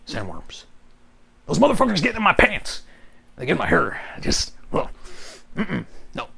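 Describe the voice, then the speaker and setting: A man's voice: on the high side, wildly swooping pitch, normal speed, vocal fry, crowd noise, exaggerated voice. A man voicing a sleazy, crude male ghost who rambles in jittery bursts.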